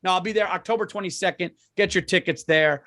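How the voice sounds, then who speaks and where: A man's voice: sits high, quick pace, sharp tone. A man co-hosting a podcast, in loose, profane, laughing banter. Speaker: podcast co-host. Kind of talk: casual podcast chat.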